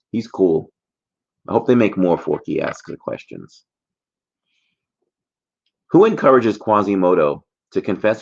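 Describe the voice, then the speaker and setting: A man's voice: low voice, vocal fry, muffled recording. A man hosting a casual trivia livestream, chatty and jokey, rambling between questions.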